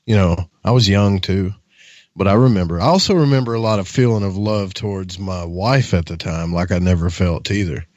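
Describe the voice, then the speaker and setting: A man chatting on a radio show, relaxed and reflective. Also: low-pitched, brisk, no room sound, dull audio. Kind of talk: casual radio chat.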